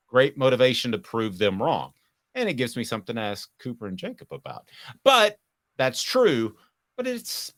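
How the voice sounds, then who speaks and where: A man hosting a casual sports talk show, asking questions and giving opinions in a loose, lively way. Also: on the low side, dry recording, clean studio sound.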